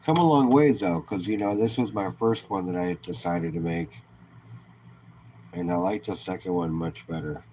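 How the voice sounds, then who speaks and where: A man's voice: low-pitched, steady tone, moderate pace, mellow, slight background noise, low-quality recording. A man hosting a live stream, chatting casually and easygoing with viewers and greeting them by name.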